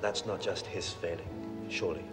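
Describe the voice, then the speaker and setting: An actor playing an old family friend with a dry, wry manner. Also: male voice, low voice, steady tone, moderate pace, natural voice. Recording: reverberant with music score.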